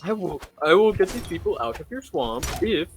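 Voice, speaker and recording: A man's voice: sits high, sing-song, normal speed, pitched above the performer's own voice. A man quoting a blunt, dismissive male ogre in close to his own voice, over a noisy recording.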